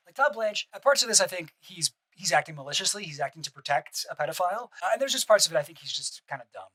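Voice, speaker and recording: A man's voice: high voice, animated, fast, pushed and bright, low-quality recording. A man streaming casual reaction commentary, rambling with restarts and asides and swearing bluntly.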